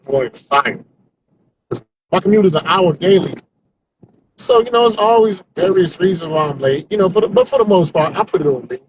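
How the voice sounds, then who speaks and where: Noise fills the background and the highs are cut off as a man with a high voice talks briskly in his car on the commute. He's a comedian practicing new stand-up jokes off the cuff, rambling to himself and frequently ending sentences with "man," in a stream-of-consciousness way.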